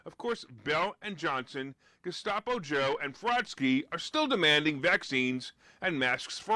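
A man from the United States hosting a live-streamed finance talk show, giving emphatic, sarcastic commentary that gets loud on his punchlines. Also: fairly high pitch, sing-song, takes it slowly, dry recording.

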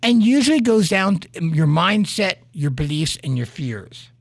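A man's voice: high-pitched, very animated, normal speed, gravelly, dry recording, studio quality. A man hosting a podcast, giving an earnest motivational monologue full of stories and "right?" asides. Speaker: podcast host.

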